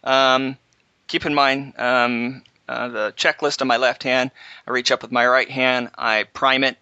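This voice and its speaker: A man hosting a casual chat, telling a halting, animated story about flying. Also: medium pitch, clear, resonant tone, no echo. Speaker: podcast host, pilot. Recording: slightly dull, dry audio.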